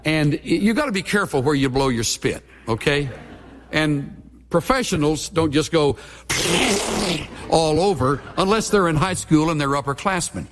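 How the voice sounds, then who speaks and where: Folksy, animated preacher man. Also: a little high, unhurried, long reverb tail, a little hiss or hum. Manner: folksy, humorous storyteller. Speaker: pastor. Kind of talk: sermon.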